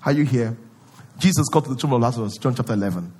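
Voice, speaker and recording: A male pastor preaching a sermon, acting out prayers in a pleading voice and rising to loud declarations. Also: mid-range voice, animated, quick pace, noisy background.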